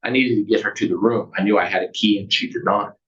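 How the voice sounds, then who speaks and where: A man's voice: lowish voice, fairly even intonation, fast talker, a bit bright. A man, an author, reading aloud from his memoir in an earnest, plain way, with casual asides. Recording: distant, muffled recording.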